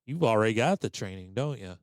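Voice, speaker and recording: A man's voice: lowish voice, expressive, fast. A man hosting a comedy podcast, ribbing his co-host with sarcastic, mock-indignant banter.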